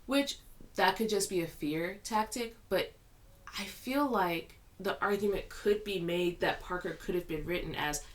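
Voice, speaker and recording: A young woman giving a chatty, animated film review with lots of filler words. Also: fairly low pitch, moderate pace. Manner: chatty, animated, full of "like" and "you know what I mean". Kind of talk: casual vlog review.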